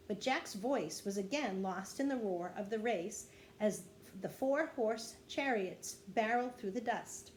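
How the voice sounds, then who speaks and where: A woman, a kindergarten teacher, reading a children's chapter book aloud with expressive storytelling. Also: normal speed, slight background noise. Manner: expressive storytelling, dropping low after quotes.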